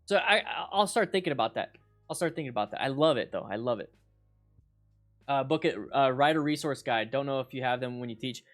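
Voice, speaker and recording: A man hosting a casual livestream chat with viewers, excitable and rambling, repeating himself with bursts of hype. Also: medium pitch, brisk, faint music behind. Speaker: motorcycle riding instructor and channel host.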